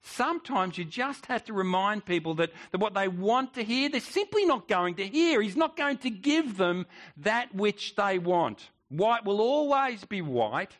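A man's voice: high-pitched, very animated, measured pace, hardly any pauses, fairly bright tone. A male pastor preaching a sermon, emphatic, with rhetorical questions and repeated words.

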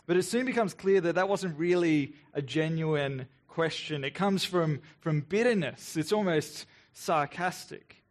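A man in his thirties preaching a sermon in an earnest, reflective way. He often repeats himself and adds quick sarcastic asides. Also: fairly high pitch. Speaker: pastor.

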